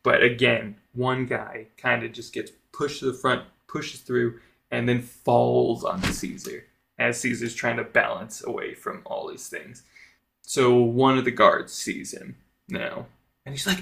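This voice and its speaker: A man narrating a tabletop game as game master, unhurried and full of fillers. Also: medium pitch, steady tone, gravelly, a bit bright. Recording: music playing underneath.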